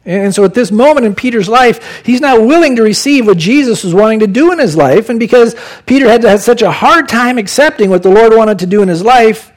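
A high-pitched man delivers a sermon from the pulpit. He reads scripture and explains it in an expressive way, raising his voice to act out the people in the story. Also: brisk, hardly any pauses. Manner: expressive, acts out quoted voices with raised pitch. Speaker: pastor.

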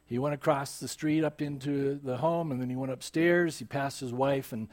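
A man's voice: mid-range voice, fairly even intonation, moderate pace. A man preaching a sermon, telling a story and acting out the dialogue with animation.

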